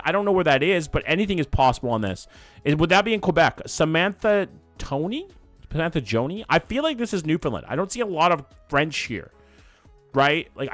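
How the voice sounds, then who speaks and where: A young Canadian man with a mid-range, fairly bright voice chats casually with his live-stream audience while playing a guessing game and thinking aloud. It's recorded dry on a close mic with no room sound, just faint background music.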